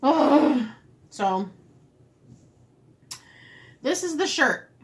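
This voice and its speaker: A woman vlogger casually telling a long story while eating, chatty and animated, often acting out what she and others said. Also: high-pitched, very slow.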